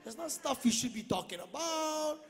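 Loud high-voiced comedian, lilt. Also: male voice, normal speed. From Hawaii. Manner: loud, animated, mimics family members. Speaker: stand-up comedian. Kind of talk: stand-up comedy set. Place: theater stage before a live audience. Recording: echoey theater with a laughing crowd. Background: audience laughter.

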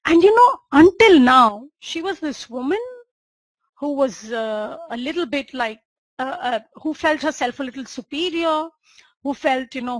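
A woman's voice: high-pitched, animated, measured pace, no room sound, rough recording. A woman teaching a homeopathy lecture, telling a patient case as a story and acting out the dialogue.

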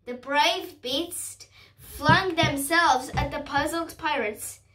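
Brief: female storybook reader, slow careful halting read, bright voice, recorded from a distance. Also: high-pitched, soft background music. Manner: careful, halting reading with restarts. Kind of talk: reading a storybook aloud.

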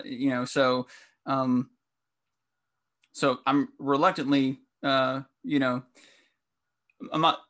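Halting male podcast host. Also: medium pitch, gravelly, a bit bright. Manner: halting, agreeable. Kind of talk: casual interview chat.

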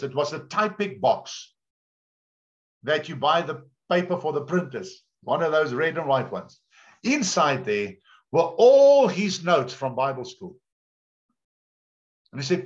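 A man's voice: on the high side, very animated, measured pace. A male pastor preaching a sermon, telling stories in a chatty way and often repeating words. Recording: dull lo-fi sound.

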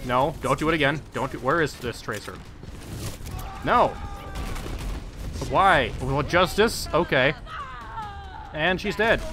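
A man streaming a game and commenting live in a chatty, self-mocking way with excitable outbursts. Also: fairly high pitch, slow, long pauses. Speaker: gamer streaming his play. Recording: stream mic with game music behind.

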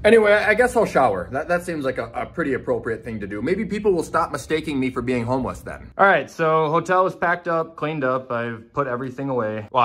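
A man's voice: medium pitch, fairly bright tone. A young man talking casually to camera on a travel vlog, blunt and swearing freely as he vents about his day. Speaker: vlogger. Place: hotel rooms, car and city streets.

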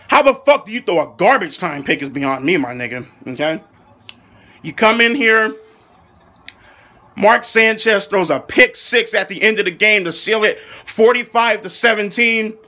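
Furious high-voiced man in a shouting rant. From Philadelphia. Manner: furious, mocking, heavy swearing, shouting bursts. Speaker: angry football fan ranting. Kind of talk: profane comedic sports rant.

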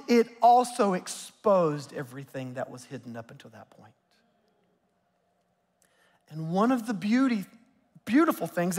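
A man preaching a sermon as pastor, talking conversationally and dropping to soft near-whispers for emphasis. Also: high voice. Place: church sanctuary. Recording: long hall reverb from a church sanctuary.

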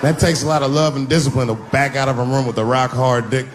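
A man doing stand-up, telling family stories and acting out high, shouting voices for his son and wife, recorded live on a comedy stage. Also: fairly even intonation, quick pace. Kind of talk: stand-up storytelling. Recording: live club set with audience noise.

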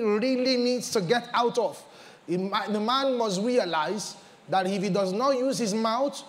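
A pastor with a Nigerian English accent, preaching a sermon with lively storytelling and repetitions. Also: male voice, high voice. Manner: animated storytelling with repetitions, mixing in pidgin. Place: church.

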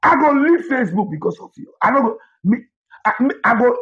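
Nigerian man, pastor, high voice, shouting rebuke, repetitive, dull lo-fi audio. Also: sing-song, fairly quick. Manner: shouting, repetitive, mixes Pidgin and English. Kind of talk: fiery rebuke sermon to camera.

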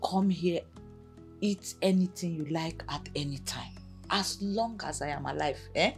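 An actress with a Nigerian accent playing a kind, motherly village woman who comforts and coaxes with soft questions. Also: low-pitched, measured pace, gravelly, faint music behind. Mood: soothing. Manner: soothing, coaxing, gently questioning.

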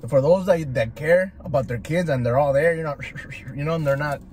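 A Southern California man with a fairly high, darkish voice talks at normal speed over slight background noise. As a food vlogger, he chats casually while eating, telling profane, slangy stories sprinkled with Spanish words.

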